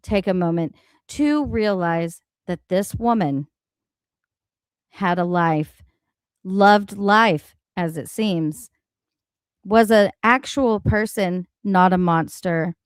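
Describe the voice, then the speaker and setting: A woman hosting a reaction livestream, talking in a blunt, animated and profane way about the clips she plays. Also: lowish voice, takes it slowly, long pauses, clean tone, no echo, clean studio sound. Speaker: livestream host. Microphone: home streaming mic.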